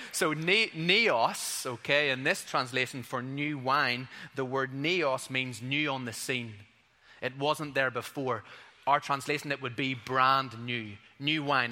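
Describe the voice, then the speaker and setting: A man preaching a sermon in a bright, forceful voice. His tone is earnest and conversational, with light playful asides. The sound carries a long reverb from a church hall. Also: medium pitch. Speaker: pastor.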